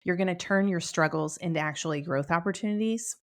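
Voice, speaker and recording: A woman's voice: lowish voice, brisk. A middle-aged woman hosting her podcast in casual, chatty talk, upbeat and laughing often, speaking from a room at home. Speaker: podcast host.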